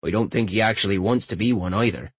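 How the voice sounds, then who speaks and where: A man's voice: fast talker, husky, dry recording. A man reading a wry, patient father. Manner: low-key, wry.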